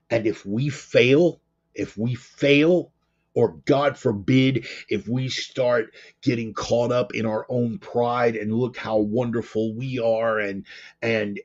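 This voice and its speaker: A man hosting a talk show, speaking in an animated, emphatic way with frequent restarts and repetitions. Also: mid-range voice. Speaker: show host. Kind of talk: casual political commentary. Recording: dull lo-fi sound.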